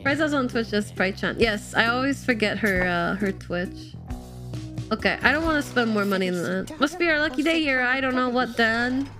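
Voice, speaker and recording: A bubbly woman game streamer with a slightly high voice, talking excitedly to her chat while a bit ill and coughing now and then. Soft game music plays faintly underneath her. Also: moderate pace. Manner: bubbly, excitable, chatty with viewers. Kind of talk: casual live-stream chat while playing.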